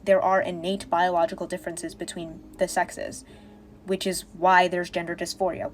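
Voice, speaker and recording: A woman talking assertively in a lecturing, argumentative video monologue. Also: on the low side. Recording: faint background noise.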